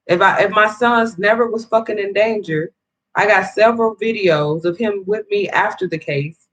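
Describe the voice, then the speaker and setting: A woman's voice: medium pitch, fairly bright tone, low-quality recording. A woman in an angry, profane rant to camera, swearing heavily and rambling with restarts as she vents. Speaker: vlogger.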